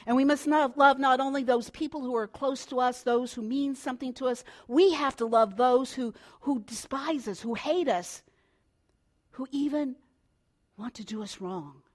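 An older woman preaching a sermon, telling a family story with swings between hushed and loud delivery. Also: sits high, normal speed.

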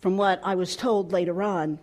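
A woman pastor preaching a storytelling sermon, expressive and at times dropping soft and hushed. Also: lowish voice, normal speed.

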